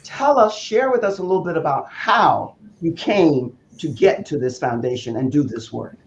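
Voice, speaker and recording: A man's voice: on the high side, animated, normal speed. A man hosting an interview, encouraging his guest and steering her emphatically toward her story. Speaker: host. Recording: roomy, dull, hissy line.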